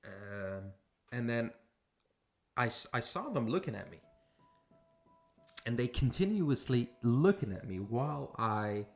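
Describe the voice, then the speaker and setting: A man's voice: mid-range voice, big pitch swings, measured pace, gravelly, long pauses, faint music behind. A man from Syria, hosting a podcast and telling a personal story casually, with many fillers and restarts. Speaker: podcast host.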